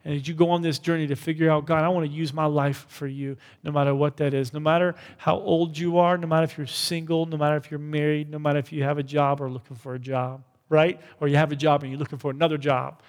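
A man preaching to his church in a loose, conversational way, often tossing in "right?" and "like". His voice sits fairly high for a man. Every word trails off into the long reverb of the hall. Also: level tone, fast talker, hardly any pauses. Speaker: pastor. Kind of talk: sermon.

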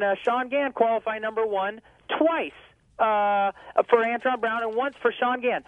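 A man's voice: very high-pitched, no echo. A man calling in to a motorsports radio show, talking emphatically and repeating himself. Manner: emphatic, repeats phrases, talks fast and loose. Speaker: drag racing guest on phone. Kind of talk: casual radio phone interview. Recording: tinny phone line.

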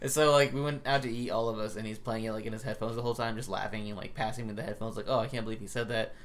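Young male podcast host, quick and animated storyteller. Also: fairly low pitch, a little hiss or hum. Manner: quick, animated storyteller who acts out quotes. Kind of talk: casual podcast chat.

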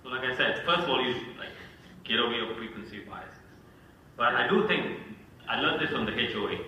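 Animated man in an echoey room. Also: medium pitch, brisk. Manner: animated storyteller, acts out phone calls. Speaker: physician. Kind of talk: casual podcast discussion. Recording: echoey room, distant mic, faint noise.

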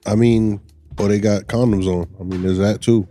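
A man's voice: fairly low pitch, fairly even intonation, moderate pace, dark tone, soft background music. A man co-hosting a casual chat, teasing and questioning the others. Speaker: podcast co-host.

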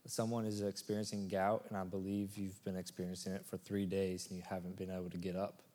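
A man's voice: sits low, monotone, fast, dark tone. A man sharing words of knowledge for healing, hesitant with many fillers. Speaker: prayer minister.

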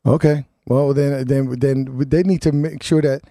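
A man's voice: mid-range voice, steady tone, unhurried, mellow, dry recording. A man hosting a live talk radio show, ranting and restarting his words often as he reads listener comments and programming notes in the studio.

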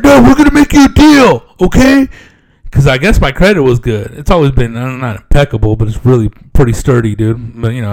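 Gravelly, laid-back male storyteller. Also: medium pitch. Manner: laid-back and profane, peppered with "dude"; acts out other people's lines in raised voices. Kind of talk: casual storytelling.

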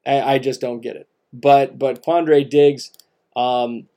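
A man's voice: medium pitch, steady tone, takes it slowly, warm tone. A man co-hosting a casual sports podcast, emphatic and repetitive, with many restarts. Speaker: podcast co-host.

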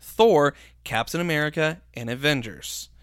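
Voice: mid-range voice, moderate pace, smooth, no echo. An upbeat podcast co-host working through a countdown list, often circling back with restarts. The voice sits mid-range and sounds close and dry. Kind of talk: casual chat.

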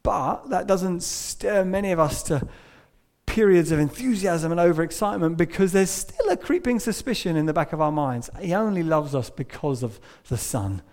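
A man delivering a church sermon, his voice sitting a little high for a man. He tells a story, sometimes dropping to a hush and sometimes pressing a point with emphasis. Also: animated, normal speed. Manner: storytelling, shifting between hushed and emphatic. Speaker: preacher.

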